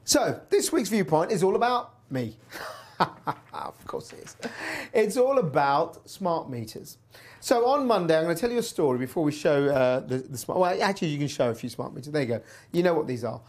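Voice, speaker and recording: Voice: mid-range voice, very animated, brisk, a little mellow. A presenter telling a personal story in a chatty, wry way while hosting a news show. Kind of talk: casual news commentary.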